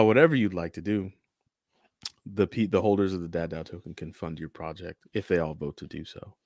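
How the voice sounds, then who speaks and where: A man co-hosting a casual podcast roundtable, animated and jokey, acting out quotes as he talks. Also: deep voice, brisk, no echo, studio quality. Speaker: podcast co-host.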